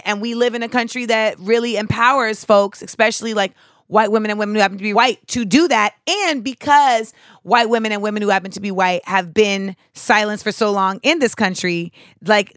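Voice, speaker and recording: A woman hosting a podcast, talking in a blunt, animated way and swearing freely. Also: mid-range voice, no room sound, clean studio sound. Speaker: podcast host. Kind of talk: casual chat.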